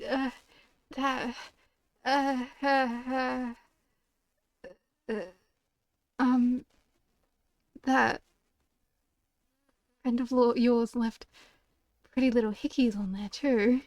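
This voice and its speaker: High-voiced exasperated woman streamer. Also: little pitch movement, very slow, pauses often, no echo. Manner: loud, exasperated, crude reactions. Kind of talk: live game playthrough commentary.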